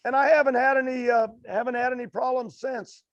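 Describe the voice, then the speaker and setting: An older American man, a racing guest, telling stories in a halting, rambling way with many fillers and restarts. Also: extremely high pitch, flat delivery, a bit bright, dry recording, muffled recording. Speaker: guest, drag racer. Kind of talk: storytelling interview.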